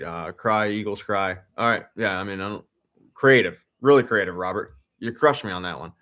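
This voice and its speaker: A man's voice: lowish voice, moderate pace, fairly bright tone. A young man hosting a live football watch-along, ranting in a profane, sarcastic way and answering chat comments.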